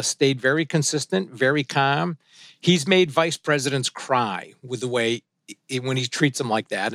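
Calm man telling a story, dry sound. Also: fairly high pitch, dry recording. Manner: calm, even, conversational with fillers and quoted dialogue. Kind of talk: personal storytelling, casual retelling.

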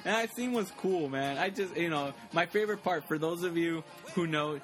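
A man in a casual movie chat, talking fast with lots of fillers and acting out lines from scenes. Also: a little high, fairly bright tone, faint music behind.

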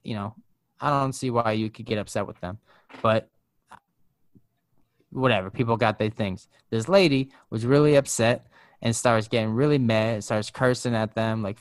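A man's voice: on the low side, moderate pace, no echo. A man telling a story in a casual chat, laid-back and profane, full of fillers. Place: living in Arizona.

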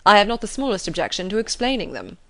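A woman reading the part of a proud, reserved young gentleman in a measured, formal way. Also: mid-range voice, big pitch swings. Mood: grave.

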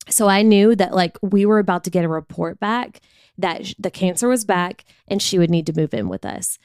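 A woman's voice: mid-range voice, expressive, moderate pace, a little mellow, smooth, dry recording, studio quality. A woman hosting a podcast, telling a personal story in a frank, confessional, conversational way. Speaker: podcast host.

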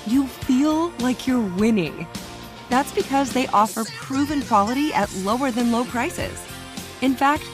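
Woman, upbeat ad read, slightly high voice, music behind. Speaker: ad announcer.

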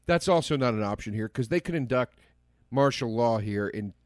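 Man ranting with lively pitch swings. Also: moderate pace, no room sound, clean studio sound. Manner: ranting, profane, bleak. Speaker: podcast co-host. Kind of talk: casual chat.

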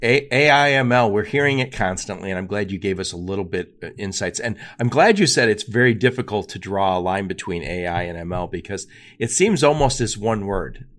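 Male podcast host, lowish voice, emphatic and animated delivery. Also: fairly quick. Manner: animated, emphatic, talks in quoted asides. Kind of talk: conversational interview.

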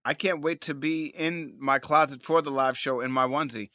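Playful bright-voiced podcast man. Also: on the high side, steady tone, moderate pace, no echo, clean studio sound. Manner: playful, loud hype calls, jokey. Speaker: podcast co-host. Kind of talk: casual chat.

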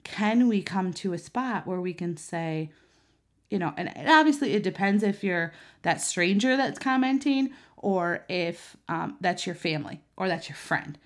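A woman's voice: on the low side, animated, unhurried. A woman in her thirties, a mother, talking earnestly to camera in a conversational way, with many fillers and restarts. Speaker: mother and vlogger.

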